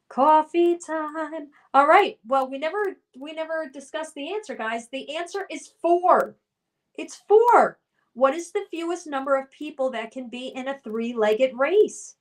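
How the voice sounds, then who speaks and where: A woman's voice: high voice, distant mic. A middle-aged woman hosting a live stream, reading viewer comments aloud in a chatty, upbeat way. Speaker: livestream host reading chat. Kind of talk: casual live-stream chat.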